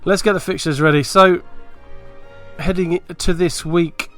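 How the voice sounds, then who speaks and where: A man hosting a casual sports podcast, running through predictions with a brisk, teasing manner. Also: sits high, fairly even intonation, a bit bright, soft background music. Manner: brisk, teasing, runs the segment. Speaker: podcast host.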